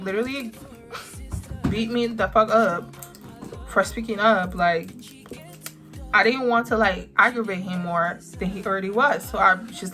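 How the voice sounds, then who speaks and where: A young woman vlogger telling a personal story with emphatic, drawn-out words. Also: mid-range voice, bright, forceful tone. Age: young adult. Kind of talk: storytime vlog.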